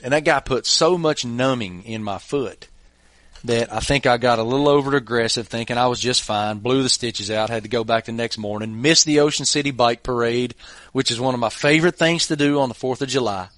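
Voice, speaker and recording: A middle-aged podcast host tells a funny anecdote in a laid-back, casual way, chuckling as he goes. His medium-pitched voice is brisk and a bit bright, captured in clean studio sound without echo.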